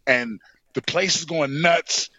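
A man, a pro wrestler, telling an animated story in an interview and often saying "you know what I'm saying". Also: a little high, slow pace, dry recording, highs cut off.

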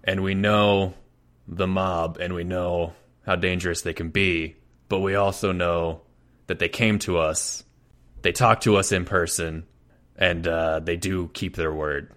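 Male player, very low voice, earnest and animated in debate. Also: a little slow. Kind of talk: playing a tabletop game in character.

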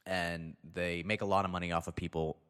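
A man's voice: deep voice, little pitch movement, brisk, a bit bright, clean tone. A young man telling a rambling, profane comedic anecdote, often cutting himself off mid-sentence. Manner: rambling, profane, self-interrupting. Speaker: storyteller. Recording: long reverb.

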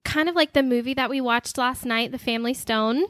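A young woman co-hosting a podcast in casual chat, rambling in a relaxed way as she tells her stories. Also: sits high, a little fast, dry recording. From outside the state where she lives now. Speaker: podcast co-host.

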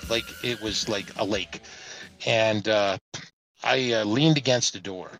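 A man, casually telling a long, animated anecdote on a podcast panel. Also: lowish voice, measured pace, poor audio. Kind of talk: casual storytelling chat. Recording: music playing underneath.

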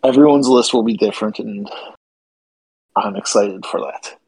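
A man's voice: on the low side, moderate pace, gravelly, a little mellow, husky, dry recording, rough recording. A man co-hosting a casual sports podcast, opinionated and teasing his co-host.

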